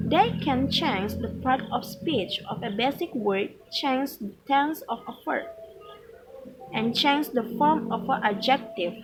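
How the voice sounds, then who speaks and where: A woman's voice: high voice, noisy background. A woman reading a pronunciation lesson aloud from a textbook, carefully and with small slips and restarts.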